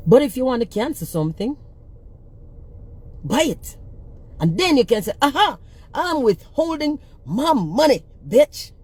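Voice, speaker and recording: A woman's voice: fairly low pitch, warm tone, breathy edge. A woman with a Jamaican accent ranting on a phone livestream, blunt and profane as she scolds her commenters. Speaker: social media personality.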